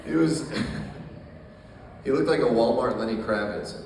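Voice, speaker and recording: A man doing a stand-up set in a small coffee shop, telling dark jokes in a deadpan way with plenty of swearing. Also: mid-range voice, unhurried, heavy reverb, long reverb tail, far from the mic, slight background noise. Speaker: stand-up comedian.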